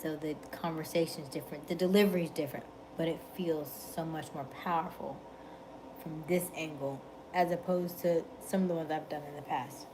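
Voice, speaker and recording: A woman in her late thirties hosting a livestream, talking with viewers in a calm, methodical, relaxed way. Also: low voice, noisy background. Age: 30s. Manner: calm, methodical, unhurried delivery. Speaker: livestream host.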